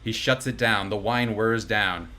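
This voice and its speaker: A man's voice: lowish voice, fairly even intonation, unhurried, pushed and bright, a little hiss or hum. A man hosting a live comedy table read, reading stage directions with breezy asides and chuckles to the players. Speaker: host and stage-direction reader.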